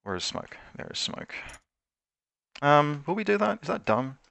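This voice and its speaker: A man's voice: on the high side, sing-song, moderate pace, gravelly, a bit bright, no room sound. A man playing a tabletop wargame over a call, thinking aloud through his moves and often correcting himself. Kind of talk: casual game commentary. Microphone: remote call.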